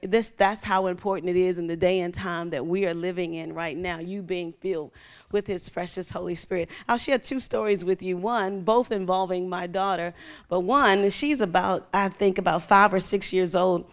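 A woman's voice: on the low side, fairly even intonation, moderate pace. A middle-aged woman pastor preaching a sermon, telling stories with animation and acting out voices.

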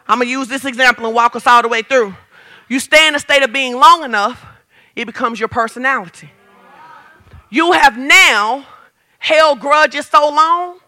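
A man with a strikingly high, piercing voice preaching a sermon. He is animated and playful, slipping into quick acted-out scenes and raising his voice to a shout for emphasis. His bright, sharp tone cuts through. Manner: animated preaching, acts out quotes, playful humor. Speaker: pastor.

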